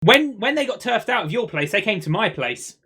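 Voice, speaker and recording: A man's voice: sits high, sing-song, a little fast, bright, forceful tone, a little hiss or hum. A man, co-hosting a podcast in casual banter, telling boastful, joking stories. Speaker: podcast co-host.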